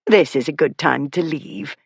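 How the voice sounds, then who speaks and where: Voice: mid-range voice, moderate pace, creaky, breathy edge. A sensible older chaperone, voiced by an audiobook narrator, with a dry, matter-of-fact delivery. The sound is close and dry, with no echo.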